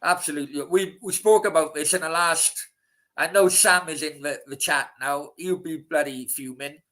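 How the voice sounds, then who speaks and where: Bright, high-voiced man chatting. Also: normal speed. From Wales. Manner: rambling, swears freely, addresses chat directly. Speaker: host of a live stream. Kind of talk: casual live-stream chat.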